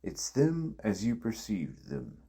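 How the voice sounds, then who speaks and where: A man voicing God as a calm, solemn old male deity with a husky, gravelly voice, in an amateur comedy sketch. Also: fairly low pitch, heavily acted. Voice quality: gravelly, husky, slow and measured.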